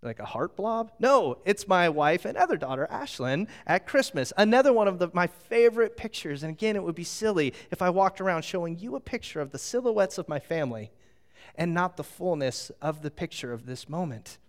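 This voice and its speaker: A middle-aged man preaching a sermon as a pastor, animated and storytelling, drawing the audience into a little game. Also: sits high, brisk. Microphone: handheld microphone.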